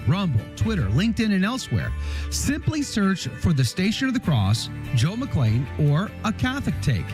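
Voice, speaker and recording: A man's voice: sits high, a little mellow. A male radio host closing an interview and promoting the after show in an upbeat, promotional manner. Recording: music bed under the voice.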